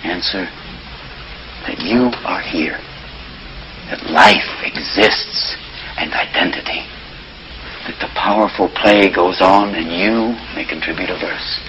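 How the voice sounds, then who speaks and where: A slow, declaiming teacher. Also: male voice, deep voice, lo-fi sound, noisy background. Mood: earnest.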